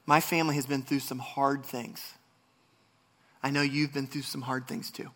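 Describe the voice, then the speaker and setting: A man's voice: mid-range voice, little pitch movement, moderate pace, a bit bright. A man preaching a sermon, reading scripture and speaking earnestly, with frequent restarts and passionate rises. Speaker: pastor.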